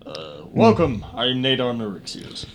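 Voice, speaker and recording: A man's voice: medium pitch, big pitch swings, measured pace, noisy background, pitched below the performer's own voice. A man voicing a blunt, loyal lizardfolk adventurer in a tabletop game, matter-of-fact in tone. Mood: plain.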